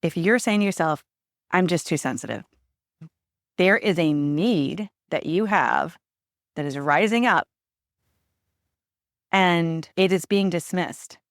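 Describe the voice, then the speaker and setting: A woman's voice: lowish voice, slow pace, long pauses, dry recording, clean studio sound. A woman hosting a solo podcast, talking in a conversational, coaching way and often checking in with "right?". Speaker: podcast host.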